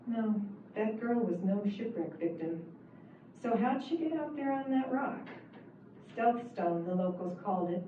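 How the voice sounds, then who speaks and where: A woman, the author, reading her own first-person novel aloud in a measured, wry storytelling manner. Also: medium pitch. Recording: echoey, distant, phone-like and hissy.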